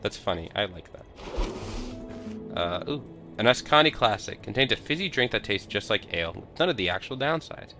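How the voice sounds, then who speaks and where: A man streams a game, reading its narration and making wry, self-deprecating remarks. His voice is slightly low. Game music plays clearly in the background. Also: big pitch swings, normal speed, pushed and bright. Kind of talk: casual gameplay commentary and reading game text aloud. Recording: game music playing behind.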